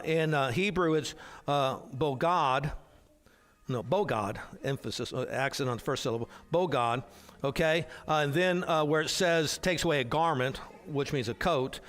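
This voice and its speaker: A man's voice: fairly high pitch, fairly bright tone. Chatty male Bible class teacher. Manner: conversational, digressive, many restarts and fillers. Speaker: hospital chaplain.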